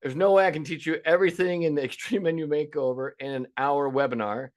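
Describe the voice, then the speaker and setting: A man's voice: fairly high pitch, steady tone, fast. A man in his fifties teaching a webinar as a restaurant business coach, folksy and emphatic, acting out the calls he gets. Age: 50s. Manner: folksy, emphatic, acts out quoted callers.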